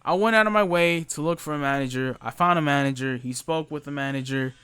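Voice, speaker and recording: A young man telling a story about a rude customer at work. He sounds exasperated, talks in a quick stream full of fillers, and puts on the customer's voice now and then. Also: on the high side, sharp tone, smooth, no room sound. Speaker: retail worker telling a story. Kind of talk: storytime rant.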